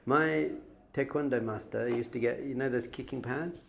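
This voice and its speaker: Chatty male rabbi with a gravelly voice. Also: mid-range voice, moderate pace. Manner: animated storytelling, acts out quotes with exclamations; chatty, laughs often. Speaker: rabbi teaching a class. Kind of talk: lively Torah class to young students.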